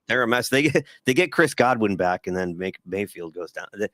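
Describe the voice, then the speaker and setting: Lively low-voiced man telling stories. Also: brisk, no echo. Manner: animated storyteller, acts out quotes. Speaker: podcast co-host. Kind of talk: casual sports chat.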